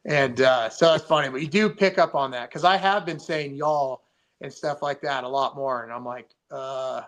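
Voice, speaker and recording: A man's voice: medium pitch, moderate pace, fairly bright tone. A man chatting casually on a fishing podcast, laid-back and slangy. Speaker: pro angler guest.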